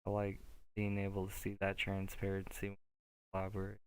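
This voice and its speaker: A man's voice: deep voice, completely flat delivery, a little fast, smooth, dry recording, rough recording. A man hosting a music review stream, giving casual, slangy critique full of "like" fillers. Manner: laid-back, slangy, many "like" fillers. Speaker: music review show host.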